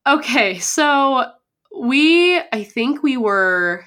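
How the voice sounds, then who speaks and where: A woman's voice: high-pitched, lively intonation, extremely slow, fairly bright tone. A young woman co-hosting a podcast, chatting casually and gushing, with lots of "like", sick with a sore throat. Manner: gushing, heavy use of "like". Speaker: podcast co-host. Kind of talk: casual chat.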